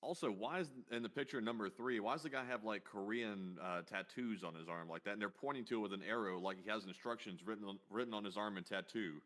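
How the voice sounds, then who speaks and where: A man's voice: fairly low pitch, fast talker, hardly any pauses, a bit bright. A man co-hosting, making amused, wry remarks while they look at images.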